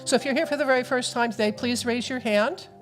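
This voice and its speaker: A woman leading a church service, giving welcomes and announcements to the congregation in a measured, welcoming way. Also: fairly high pitch, soft background music. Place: church sanctuary.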